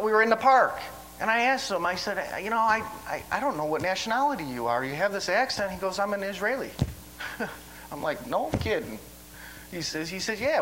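A man's voice: high-pitched, pushed and bright, a little hiss or hum, poor audio. A man preaching a sermon in a folksy way, often stammering and restarting his phrases.

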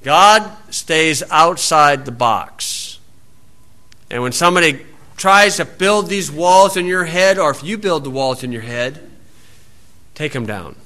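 A man preaching a sermon in a folksy storytelling way, acting out the people in his stories and shouting out scripture. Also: a little high, animated, takes it slowly. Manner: folksy storytelling, acts out voices, loud shouted quotes.

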